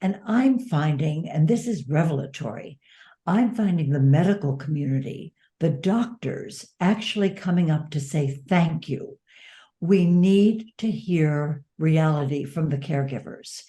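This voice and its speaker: A woman who is an author and dementia advocate speaks as a guest in a conversational interview, earnest and reflective, stressing key words. Her voice is low-pitched and warm, with a measured pace.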